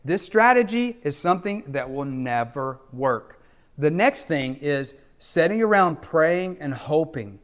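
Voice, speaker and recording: A middle-aged man offers relationship coaching directly to camera. His voice is a little high and expressive, paced in a measured way, and his delivery is emphatic, repetitive, and preacherly.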